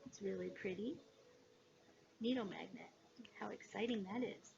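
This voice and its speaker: A woman chatting casually in a haul video, gushing with excitement and filling pauses with "um". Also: medium pitch, creaky. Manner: excitable, gushing, many fillers. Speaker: cross-stitch vlogger. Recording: dull lo-fi sound with background noise.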